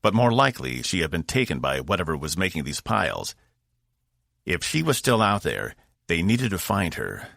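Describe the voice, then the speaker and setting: A male audiobook narrator with a very low, gravelly voice that moves a lot in pitch. He tells the story in a measured, steady way. The sound is close and dry. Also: no echo. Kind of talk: scripted narration.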